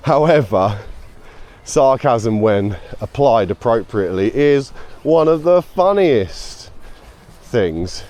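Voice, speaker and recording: A British man talks to camera while out walking his dog, in a voice of middling pitch. He rambles and chats casually, with dry sarcastic asides, recorded outdoors on a portable mic. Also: animated, slow, darkish tone. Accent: British English. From United Kingdom. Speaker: vlogger.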